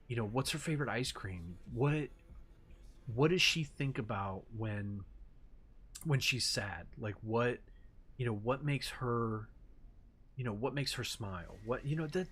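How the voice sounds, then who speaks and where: A man's voice: mid-range voice, slightly rough. Exasperated, profane man ranting casually. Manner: animated, swings into mocking impressions and sarcastic read-outs. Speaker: commentary host. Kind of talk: casual reaction commentary.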